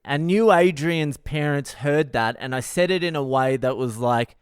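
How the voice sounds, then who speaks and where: A man's voice: fairly high pitch, moderate pace, clean tone, no room sound, clean studio sound. A man hosting his own podcast, telling a story in a profane, exasperated way. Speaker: comedian podcast host. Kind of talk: solo storytelling monologue.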